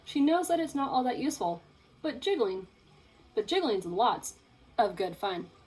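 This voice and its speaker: A young woman teacher reading a picture book aloud to children, in an expressive, playful storytelling way. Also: fairly high pitch, normal speed, poor audio.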